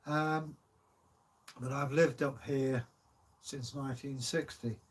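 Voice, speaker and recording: Older southern English man, husky voice. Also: medium pitch, fairly even intonation. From Kent, England. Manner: rambling, unhurried, many hesitations. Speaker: channel host and storyteller. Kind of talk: casual livestream chat.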